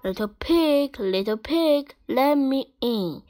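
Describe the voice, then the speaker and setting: A woman voicing a gruff, scheming big bad wolf in a storybook reading, growling her threats very slowly. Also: sits high, lively intonation, warm tone, pitched above the performer's own voice. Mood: threatening.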